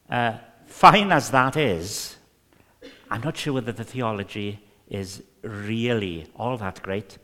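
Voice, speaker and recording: A man's voice: mid-range voice, fairly bright tone, in a large hall. A man with a Welsh accent preaching a sermon, emphatic and repetitive with many fillers.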